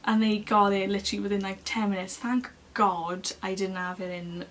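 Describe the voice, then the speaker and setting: A young woman, chatting casually to camera as she tells a long personal story in an expressive, lively way. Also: mid-range voice, normal speed, noisy background. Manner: chatty and expressive, acting out other people's lines. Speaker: beauty vlogger.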